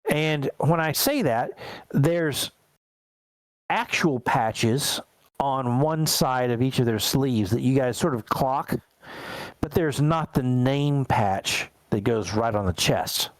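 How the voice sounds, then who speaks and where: Relaxed man running a tabletop game. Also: mid-range voice, slow pace, dry recording, rough recording. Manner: relaxed, rambling narration with fillers. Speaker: game master.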